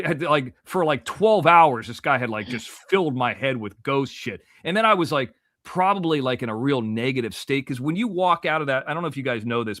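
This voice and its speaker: A man in his forties, originally from Florida, telling a long story as a podcast guest, animated and profane, full of restarts and asides. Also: mid-range voice, no room sound, clean studio sound.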